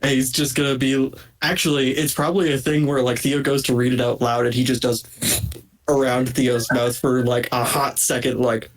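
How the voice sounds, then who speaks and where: A man's voice: medium pitch, flat delivery, normal speed, low-quality recording. Rambling man describing his character. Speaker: player. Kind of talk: casual tabletop game chat.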